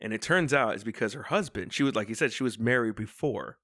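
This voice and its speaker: A man hosting a podcast, casually retelling a classic film in a rambling, animated way. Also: mid-range voice, fast, dry recording, studio quality. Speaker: podcast host. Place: room in Los Angeles.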